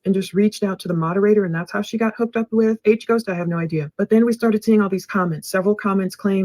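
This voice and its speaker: A woman narrates a true crime segment in a mid-pitched voice. She reads online posts aloud and breaks off into musing asides. The sound is dry and close. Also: fast talker, hardly any pauses, darkish tone, no echo, rough recording. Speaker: co-host, presenter.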